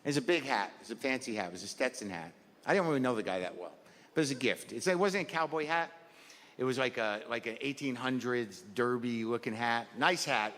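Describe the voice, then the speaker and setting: A middle-aged man doing a neurotic, rambling stand-up routine on a club stage, exasperated and prone to sudden shouted outbursts, with audience laughter behind him. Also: mid-range voice, expressive, brisk. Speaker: stand-up comedian. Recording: live club recording with long reverb and noise.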